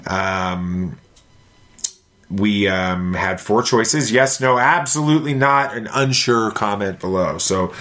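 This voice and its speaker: A man's voice: fairly low pitch, takes it slowly, fairly bright tone. A middle-aged man hosting a casual family podcast, easygoing and rambling with fillers and restarts. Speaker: podcast host.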